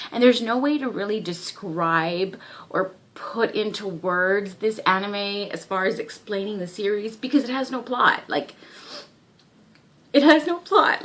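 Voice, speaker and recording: Young woman, casual vlog review, excitable, giggly, filler-heavy, mid pitch. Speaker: anime reviewer.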